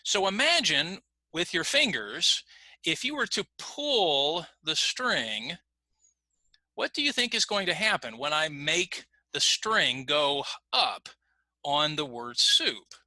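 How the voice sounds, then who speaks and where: Lively, bright-voiced male ESL teacher. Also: a little high, slow pace, no room sound. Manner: patient explaining, lively intonation. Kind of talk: recorded online lesson.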